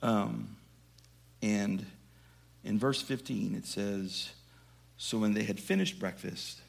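With a lowish, gravelly voice, this preacher moves slowly and leaves long pauses as he recounts a scripture story. His sermon is conversational, shifting between hushed asides and emphatic stretches.

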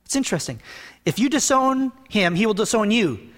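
A male pastor preaching a sermon in an earnest, conversational way, reading scripture slowly and with emphasis. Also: sits high, big pitch swings, a bit bright, long reverb tail.

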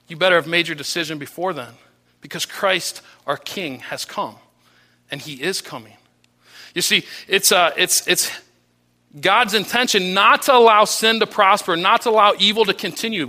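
A man preaching a sermon as pastor, earnest, with frequent restarts, his voice dropping low and soft on key phrases. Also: normal speed.

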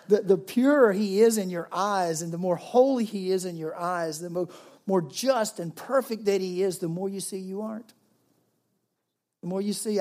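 A man preaching a sermon, telling a story with swings between loud, lively passages and hushed, quiet ones. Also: high-pitched, moderate pace. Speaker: pastor.

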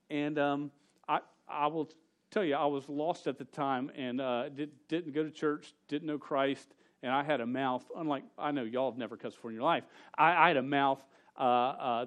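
Joking man preaching a casual sermon. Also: on the high side. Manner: storytelling, joking, rapid asides.

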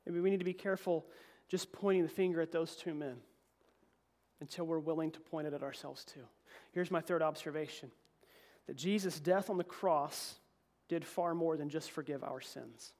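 A man preaching a sermon as pastor, reading scripture and swinging between emphatic peaks and quiet, low asides. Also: moderate pace. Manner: animated preaching, voice rising to emphatic peaks then dropping low.

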